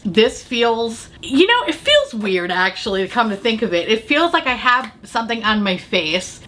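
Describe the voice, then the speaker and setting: A woman chatting through a casual makeup try-on, swearing freely and laughing often, her voice a bit rough from allergies. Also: fairly high pitch, a bit bright. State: allergies affecting the voice. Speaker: beauty vlogger.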